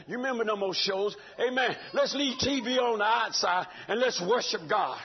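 A man's voice: high-pitched, brisk, muffled recording. An older man preaching a sermon, hollering and calling out to the congregation with laughing asides. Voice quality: raspy.

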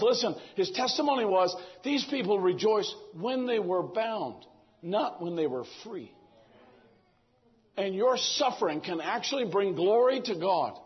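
An older man preaching a sermon, animated and acting out the voices he quotes. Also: high voice, highs cut off.

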